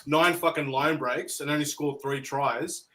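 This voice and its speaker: Australian male panelist, raised pitch, swears while he rants. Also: a little slow. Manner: swearing, ranting, animated. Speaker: podcast panelist. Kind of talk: casual chat.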